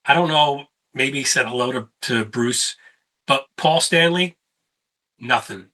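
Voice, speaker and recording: Bright-voiced man hosting a casual chat. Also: mid-range voice, unhurried, poor audio. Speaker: host; touring musician. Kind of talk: casual sit-down conversation.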